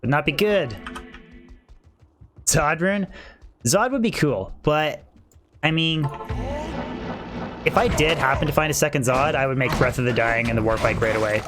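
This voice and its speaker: A man's voice: a little high, fairly bright tone. Man streaming games, chatting to viewers. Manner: keeps voice down, wife asleep; chatty, rambling, reads and answers chat. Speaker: game streamer. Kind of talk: casual livestream chat while playing.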